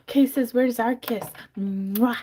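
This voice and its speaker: A woman's voice: a little high, background noise. A woman hosting a casual craft livestream from her home craft room, chatty and often dropping into whispered baby talk. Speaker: livestream host selling crafts.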